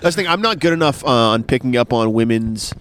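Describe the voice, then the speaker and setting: A man guesting on a comedy podcast, rambling through stories and jumping up in pitch when worked up. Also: animated, quick pace, a bit bright, smooth, no room sound. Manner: rambling, restarts, rises sharply when worked up. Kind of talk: casual chat.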